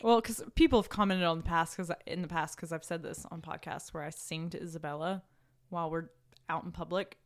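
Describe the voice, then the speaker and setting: Woman with a lowish voice on a podcast, chatty, telling little stories. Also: fairly even intonation. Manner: chatty, anecdotal, quick to laugh. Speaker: podcast co-host. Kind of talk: casual podcast chat.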